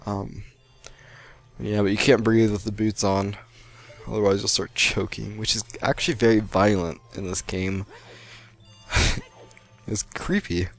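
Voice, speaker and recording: A man's voice: fairly low pitch, fairly even intonation, measured pace, vocal fry, pauses often, soft background music. A young American man giving rambling, chatty gameplay commentary and laughing often. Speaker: let's play gamer. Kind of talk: post-recorded gameplay commentary.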